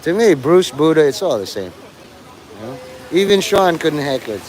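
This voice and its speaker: A man's voice: on the high side, sing-song, normal speed, a little mellow, slight background noise, low-quality recording. Rambling, profane man streaming outdoors. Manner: profane, meandering, full of fillers. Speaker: livestreamer. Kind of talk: rambling live stream monologue. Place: outdoors in the rain. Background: rain.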